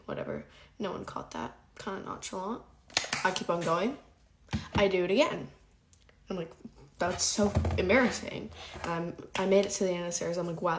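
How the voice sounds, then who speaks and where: A young woman telling school stories in a chatty, animated get-ready-with-me storytime, lisping slightly from whitening strips. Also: mid-range voice, slight background noise. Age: young adult.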